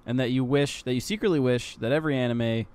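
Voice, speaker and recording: A man's voice: mid-range voice, fast, a little mellow, clean tone. A man co-hosting a podcast, teasing the others in casual chat and laughing as he talks. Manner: teasing, laughs while talking. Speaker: podcast co-host.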